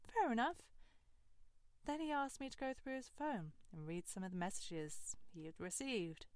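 Young woman, sardonic storyteller, smooth clear voice, dry close sound. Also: mid-range voice, very animated, normal speed, a bit bright, no room sound. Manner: candid, sardonic, swears freely. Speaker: host. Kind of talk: storytelling monologue.

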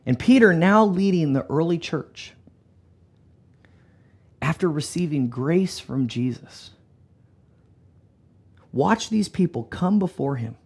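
A man preaching a sermon in an animated, emphatic way, often dropping to a soft, low delivery. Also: vocal fry, husky. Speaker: pastor.

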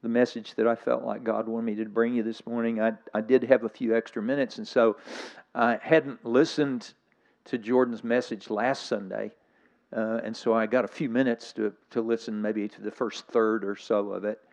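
A man's voice: medium pitch, little pitch movement, moderate pace, vocal fry, a little mellow. An older man preaching a sermon in a reflective, slightly weepy manner. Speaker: guest preacher.

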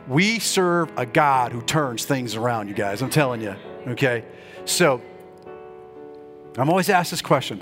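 A male pastor preaching a lively sermon, calling out to his congregation and urging them to answer back. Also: mid-range voice. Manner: rousing, calls on the congregation to respond.

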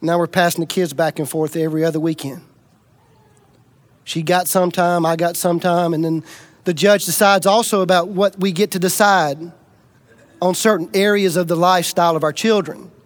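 A middle-aged man preaching to a congregation, telling a personal story with folksy humor, swinging between loud bursts and quiet intensity. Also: sits high, fairly even intonation, normal speed. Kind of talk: storytelling sermon.

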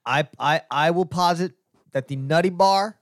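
A man's voice: fairly high pitch, normal speed, no room sound, clean studio sound. A man co-hosting a podcast, silly and teasing in casual banter. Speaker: podcast co-host.

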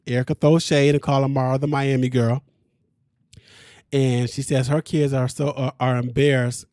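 A man hosting a podcast, recapping a reality show in casual, slangy talk, animated and laughing often. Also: mid-range voice, dry recording, clean studio sound.

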